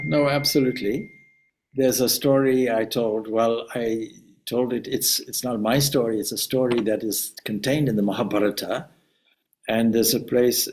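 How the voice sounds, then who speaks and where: A man's voice: medium pitch, rough recording. A man, a swami, giving a reflective spiritual talk and telling a story with asides.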